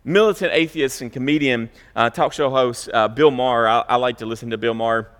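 A man preaching a sermon in a church, stressing key words loudly and dropping to quiet asides. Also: a little fast, clear, resonant tone, big-room sound. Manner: emphatic, swings between loud high stresses and quiet low asides. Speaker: pastor. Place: church sanctuary.

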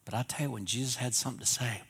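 A man preaching a sermon in a Wyoming accent, rising to loud emphatic peaks and then dropping to low, conversational asides. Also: steady tone, rapid-fire, vocal fry, slightly rough. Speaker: pastor.

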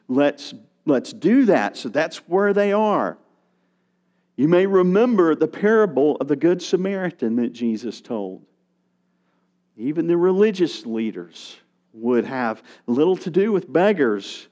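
A male pastor delivers a sermon in a voice that swoops up and down with energy, sitting a little higher than most men. He tells stories and briefly puts on the voices of the people in them. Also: measured pace. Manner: animated preaching, acts out voices of beggars.

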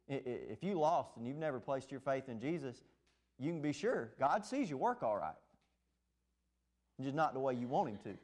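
Man, pastor, sermon, high voice, emphatic delivery, church sanctuary. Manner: emphatic preaching with sharp rises and drops in pitch and volume.

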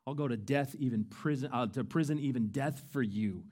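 A man's voice: medium pitch, brisk, a little mellow, lightly acted. A man voicing Peter as a brash grown disciple insisting on his loyalty. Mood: boastful.

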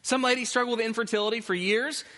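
A man preaching in church with an emphatic, conversational delivery and a high, bright voice. A long reverb from the church hall carries behind him. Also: fairly even intonation, quick pace. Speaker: pastor. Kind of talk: sermon.

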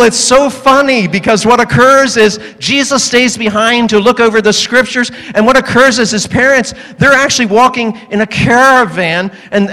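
A pastor delivering a humorous sermon to a congregation, animated and joking, acting out the voices in his stories. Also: extremely high pitch, big-room sound.

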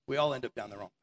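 A man preaching a sermon from a stage, energetic and conversational, full of rhetorical questions and the word "like". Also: mid-range voice. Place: stage before an audience.

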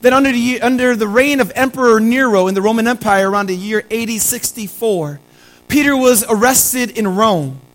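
A man with a notably high, light voice preaches a sermon. He is earnest and repeats his key lines for weight, speaking to his congregation as family. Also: moderate pace, fairly bright tone, rough recording. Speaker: pastor.

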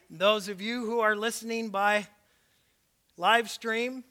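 A man preaching as pastor in a church, emphatic and building to shouts, with a slight lisp and light asides. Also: high voice, steady tone, takes it slowly. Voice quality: slight lisp from dental aligners. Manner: emphatic preaching, rising to shouts on key points; breaks into laughter and asides. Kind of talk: sermon. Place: church sanctuary, also live-streamed.

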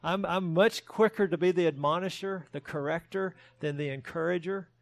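A man's voice: high voice, moderate pace, no echo. A man preaching a sermon as a pastor, earnest and emphatic, with self-deprecating humor.

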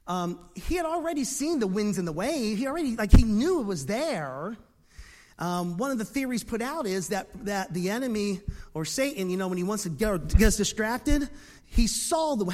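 A high-pitched man in his fifties preaches, and his voice rings with long reverb through a church sanctuary. He swings between hushed, almost whispered lines and loud, animated bursts. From Philadelphia, USA. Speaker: pastor. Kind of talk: sermon. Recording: long reverb of a large hall.

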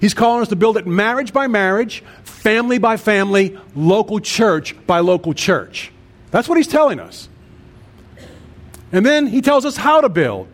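A man's voice: high voice, sing-song, normal speed. A man in his sixties, a pastor preaching a sermon with an earnest cadence and emphatic repeated lists. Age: 60s.

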